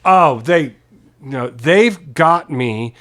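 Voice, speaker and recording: A man's voice: a little high, extremely slow, crowd noise. A man being interviewed at home, telling a long story casually, acting out the other people in it and swearing freely. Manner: animated, swears freely, acts out quoted voices. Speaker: guest musician. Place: private home.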